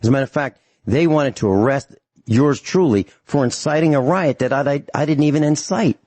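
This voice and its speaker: A man's voice: fairly high pitch, brisk, darkish tone, no room sound. A man hosting a talk radio show, ranting angrily and emphatically to his listeners.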